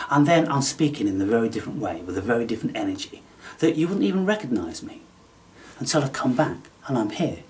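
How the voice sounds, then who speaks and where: A man hosting a spiritual channel, talking in a theatrical, taunting way that swings between loud outbursts and hushed asides. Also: medium pitch, very animated, quick pace, recorded from a distance. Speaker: channel host. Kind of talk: spiritual vlog monologue.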